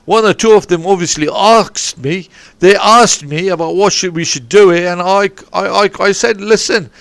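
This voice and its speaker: A man's voice: high-pitched, normal speed, vocal fry, a bit bright, clear, resonant tone, no room sound. A man coaching a sports academy, telling a long meandering story on a podcast with many restarts and digressions. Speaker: football and rugby coach. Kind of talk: rambling anecdotal podcast chat. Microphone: podcast microphone.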